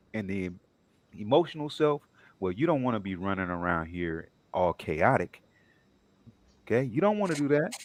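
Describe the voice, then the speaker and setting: A man on a discussion panel speaking in a measured, sermon-like way, with many filler pauses. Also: mid-range voice, no room sound. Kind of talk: preachy panel talk.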